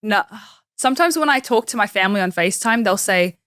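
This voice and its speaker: A woman's voice: mid-range voice, lively intonation, quick pace, a bit bright, clear, resonant tone, no echo, clean studio sound. A young woman with an Australian accent, chatting casually as an interview guest and dropping lots of "like" fillers. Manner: chatty, uses many "like" fillers. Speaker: professional wrestler, guest. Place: studio.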